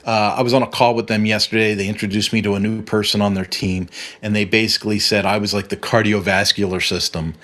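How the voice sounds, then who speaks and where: A man's voice: on the low side, fairly bright tone. A man who runs a web agency, telling client stories in a casual, rambling monologue full of restarts. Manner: rambling, storytelling with frequent restarts. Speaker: web agency owner and podcast host.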